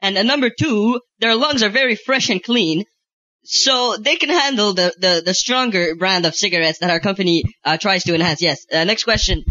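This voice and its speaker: A man's voice: high voice, moderate pace, bright, forceful tone, no room sound. A man playing a hesitant, shameless tobacco spokesman at a mock press conference. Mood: smug. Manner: hesitant, full of uh's. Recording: dull, dry, lo-fi sound.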